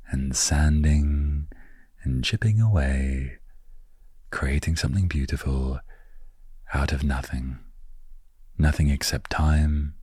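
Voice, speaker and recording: A man's voice: a bass voice, dark tone, breathy edge, dry recording. A man hosting a podcast meant to help listeners fall asleep, rambling and correcting himself with dry humor. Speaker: podcast host. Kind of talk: slow rambling sleep podcast monologue. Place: lives in a van.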